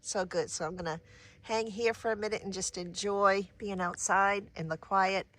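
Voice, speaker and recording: A woman's voice: mid-range voice, fairly even intonation, moderate pace, a bit bright. A woman, vlogging casually and candidly from a mountain trail into a handheld camera, sometimes catching her breath. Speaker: hiking vlogger.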